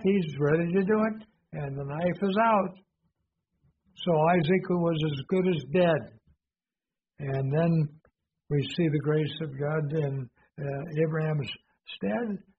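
Man preaching over a tinny, phone-like line. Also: fairly high pitch. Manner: reads scripture aloud, then explains it with questions to the listeners. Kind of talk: verse-by-verse sermon. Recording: tinny phone-like recording with faint hiss.

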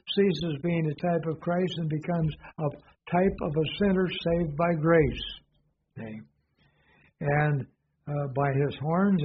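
A man preaching a verse-by-verse sermon. He reads scripture aloud and explains it with questions to the listeners. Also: a little high. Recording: tinny phone-like recording with faint hiss.

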